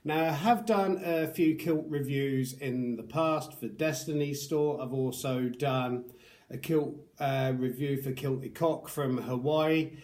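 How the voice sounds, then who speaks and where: A man's voice: medium pitch, slow pace, darkish tone. A man reviewing products to camera, chatty and earnest, with upbeat greetings. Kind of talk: casual talk to camera.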